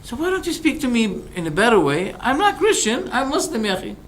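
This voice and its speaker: A man with a fairly high voice delivers a religious lecture to his listeners. He is animated and rhetorical, firing off quick questions and briefly acting out both sides of an argument. A faint hum of background noise sits beneath his voice. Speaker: Islamic preacher.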